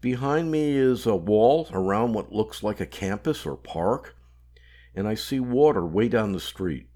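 A man's voice: fairly low pitch, lively intonation, a little slow, warm tone. A man reading the lines of a nervous, weary young man on the run, speaking anxiously and a little breathlessly.

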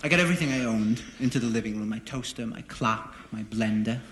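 A man doing a stand-up monologue in front of an audience, telling deadpan, self-deprecating stories. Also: lowish voice, brisk. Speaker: stand-up comedian. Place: live venue with an audience. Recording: roomy live recording with noise. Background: audience laughter.

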